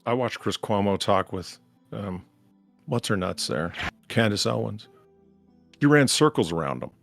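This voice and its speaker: Gravelly low-voiced swearing man. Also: expressive, a little slow, soft background music. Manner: gruff, stammers on restarts, swears. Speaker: co-host. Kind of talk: casual podcast banter.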